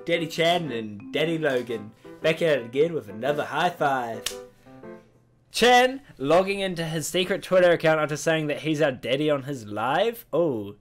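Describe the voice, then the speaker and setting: A young man hosting a comedic reaction video, excitable and joking, often exclaiming and laughing. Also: a little high, normal speed, soft background music. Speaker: youtube reaction host.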